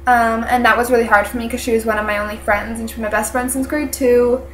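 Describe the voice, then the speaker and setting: A teenage woman vlogger, congested, telling a personal story to camera in a halting, earnest way full of fillers. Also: a little high, little pitch movement, slight background noise. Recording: echoey room.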